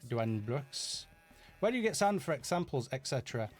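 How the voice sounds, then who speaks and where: A middle-aged Yorkshireman with a broad Yorkshire accent, chatting loosely through viewer questions in a live stream. He rambles in an easygoing, self-mocking way, full of ums and restarts, at a middling pitch, with faint music under him. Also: big pitch swings, moderate pace. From Yorkshire, England. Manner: chatty and self-deprecating, many fillers and restarts. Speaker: animator answering viewer questions. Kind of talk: casual live Q&A.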